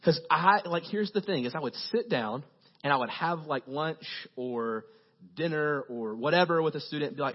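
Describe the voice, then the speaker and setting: A man preaching a casual, joking sermon as a youth pastor, telling animated stories to his congregation. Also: on the high side, a little fast, breathy edge, highs cut off.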